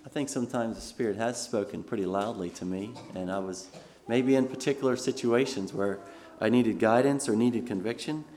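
A man's voice: on the low side, normal speed, a little mellow, a little hiss or hum. A male pastor giving a sermon, reading scripture aloud and then explaining it in a conversational way.

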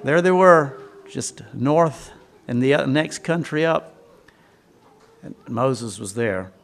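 A man's voice: medium pitch, animated, takes it slowly, gravelly, slight background noise. A man preaching a sermon, retelling scripture as a story and asking the congregation questions.

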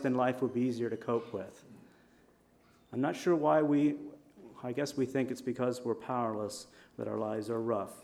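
A man preaching a sermon in a conversational storytelling manner, with lively shifts in volume. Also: mid-range voice, vocal fry. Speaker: pastor.

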